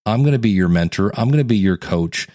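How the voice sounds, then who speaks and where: Low-voiced, chatty male podcast coach. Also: lively intonation, quick pace, warm tone, no room sound, studio quality. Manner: conversational, acts out quotes with sudden jumps in pitch. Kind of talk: casual teaching podcast monologue.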